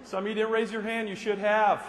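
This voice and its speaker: In a large hall, a man with a high voice gives a funny motivational talk at a brisk pace. He plays to the live audience with jokes and animated stories, and the recording picks up faint noise along with the hall's long reverb.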